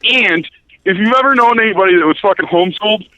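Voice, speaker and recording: A man's voice: high-pitched, fast talker, pushed and bright, no room sound, highs cut off. A man calling in to a talk show, ranting and teasing the hosts in casual, profane banter. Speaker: caller.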